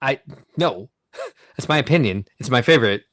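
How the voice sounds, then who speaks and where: A man's voice: medium pitch, lively intonation, moderate pace, fairly bright tone, no echo. A man co-hosting a casual podcast chat, playful and opinionated, who acts out the people he quotes. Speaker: podcast co-host.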